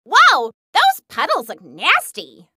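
A woman's voice: very high-pitched, wildly swooping pitch, slow, sharp tone, no echo, studio quality, heavily acted. A woman voicing a hyper, gleeful young huntress in a video game who loves smashing things, bubbly and bouncy. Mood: chatty. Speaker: game character.

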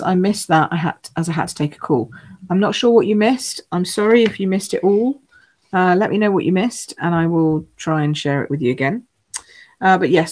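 A woman's voice: lowish voice, a little hiss or hum. A woman hosting a live craft stream, chatting casually, rambling and answering viewer comments as she shows cards. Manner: chatty, rambling, loses her train of thought.

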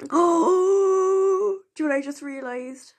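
High-voiced chatty woman over game music. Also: fast, low-quality recording. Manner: chatty and excitable, gasps and exclaims. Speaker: game player narrating gameplay. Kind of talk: casual gameplay commentary. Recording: game music playing behind.

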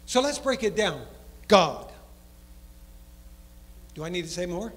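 A pastor preaches in a strikingly high voice, leaning into long cadenced phrases. He sinks low and quiet on key words, then surges faster. His voice rings out with a long church reverb around it. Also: lively intonation. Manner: preaching cadence, drops low and soft for emphasis, then speeds up. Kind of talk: sermon.

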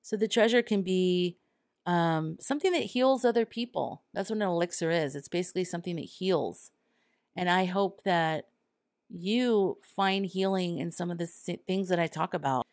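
A woman's voice: on the low side, moderate pace, darkish tone, dry recording, clean studio sound. A woman hosting her own podcast, talking earnestly and candidly, sometimes acting out quoted thoughts. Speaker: podcast host. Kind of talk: solo podcast monologue.

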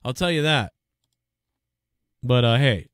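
A man's voice: mid-range voice, expressive, takes it slowly. A man hosting a live stream, ranting heatedly and swearing as he scolds and mocks. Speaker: live show host. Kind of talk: profane live-stream rant.

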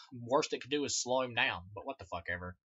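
A man's voice: medium pitch, expressive, fairly quick, sharp tone, slightly rough, no room sound. A man giving a casual, rambling movie review, swearing freely and laughing at his own remarks, on a dull lo-fi recording. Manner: rambling, profane, laughs often. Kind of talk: casual spoken film review.

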